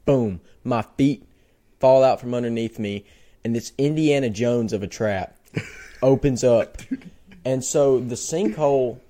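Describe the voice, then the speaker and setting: A young man co-hosting a podcast, telling a childhood story in a casual, animated way with lots of restarts. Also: mid-range voice, measured pace. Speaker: podcast co-host.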